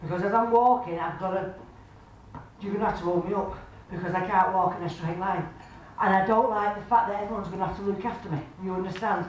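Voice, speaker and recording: A woman's voice: medium pitch, steady tone, fast talker. A woman giving a live spiritualist reading to an audience, chatty and homely, calling the sitter love and sweetheart and constantly asking "do you understand, please?". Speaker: spiritualist medium. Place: club function room. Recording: very echoey room, far mic, faint noise.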